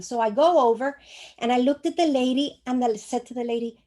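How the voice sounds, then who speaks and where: Older woman telling an animated testimony. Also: high-pitched, fairly quick. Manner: animated, acts out dialogue, emphatic. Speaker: church member giving testimony. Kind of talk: personal testimony storytelling.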